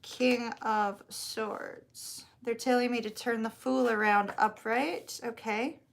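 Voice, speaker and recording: Southern lady doing live tarot readings, kinda high voice, bubbly and chatty. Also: steady tone, creaky, a little hiss or hum. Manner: chatty, bubbly, drawn-out words. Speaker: tarot reader.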